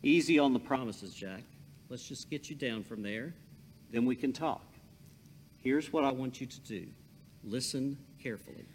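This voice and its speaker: A man voicing God as a calm, patient presence, speaking gently. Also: mid-range voice, normal speed, lightly acted. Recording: long hall reverb.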